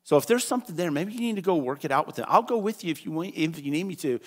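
A male pastor preaching a sermon in a church, animated and acting out voices, at times rising to a shout. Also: a little high, racing. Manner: animated, acts out quoted voices, rises to shouts.

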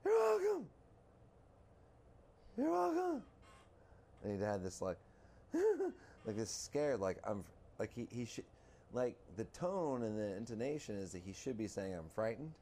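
Low-voiced man telling a story. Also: moderate pace. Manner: animated storyteller, swears, mimics others in a high voice. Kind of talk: casual chat.

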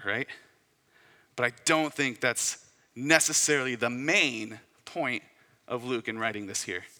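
A man gives a sermon in a loose, conversational manner, telling it like a story and voicing short quotes along the way. His voice is very bright and sits at a middling pitch. The sound rings out with the long reverb of a large hall. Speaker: pastor.

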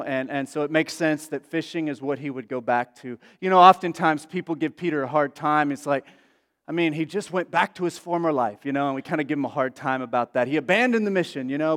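In a big hall whose long reverb trails after every phrase, a man preaches as a pastor in a loose, conversational way, chatting through plenty of asides and fillers. His voice is fairly high-pitched and fairly bright.

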